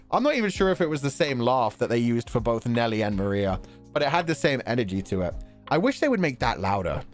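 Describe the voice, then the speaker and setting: A young man streaming casually, chatting with viewers in an animated way, laughing often and swearing casually. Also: medium pitch. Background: faint background music.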